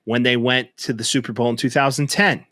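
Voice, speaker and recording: A man's voice: mid-range voice, steady tone, sharp tone, no echo, studio quality. A man co-hosting a sports podcast in casual, jokey chat. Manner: jokey, quick to do impressions. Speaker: podcast co-host.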